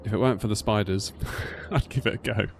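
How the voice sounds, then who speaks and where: Brisk and creaky, on the low side, with slight background noise: that's this flight sim streamer, a man in his thirties from the United Kingdom with a British English accent. He rambles through animated stories in a casual live-stream chat, acting out the quotes.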